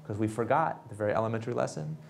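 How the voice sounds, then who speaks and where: A man in his thirties, an author and entrepreneur, telling animated stories at a fireside chat and acting out the people he quotes. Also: mid-range voice, rapid-fire, creaky, a little hiss or hum. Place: event space with audience.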